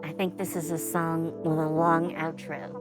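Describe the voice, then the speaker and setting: A woman's voice: deep voice, flat delivery, moderate pace, loud music behind the voice. A woman streamer giving casual commentary while reacting to songs, thinking aloud in a musing way. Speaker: VTuber reacting to music.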